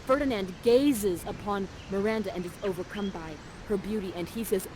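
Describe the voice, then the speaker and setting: A woman's voice: medium pitch, normal speed, hardly any pauses, background noise. A young woman acting as a live interactive theater narrator who guides the audience in a bubbly, casual way, full of "like". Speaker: immersive theater actor guiding the audience.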